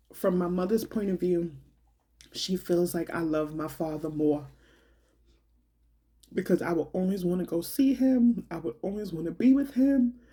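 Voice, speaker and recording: A young adult woman talks slowly and from the heart in a personal monologue. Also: fairly low pitch, dark tone, breathy edge. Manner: slow, heartfelt, colloquial and conversational. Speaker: vlogger.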